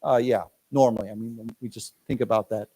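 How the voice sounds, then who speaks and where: An American man giving an English lesson in a library lecture room, reading news phrases slowly for the class to repeat and patiently explaining words. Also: on the low side, fairly even intonation, warm tone. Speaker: English teacher.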